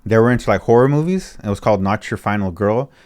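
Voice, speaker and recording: Low-voiced man telling slangy stories. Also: quick pace, a little mellow. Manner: slangy, profane street storytelling. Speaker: podcast host. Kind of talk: casual storytelling chat.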